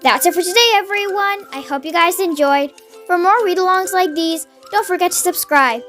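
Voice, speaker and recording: A read-along narrator reading a children's story aloud in a steady, expressive way, then signing off to viewers. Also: very high-pitched, normal speed, soft background music.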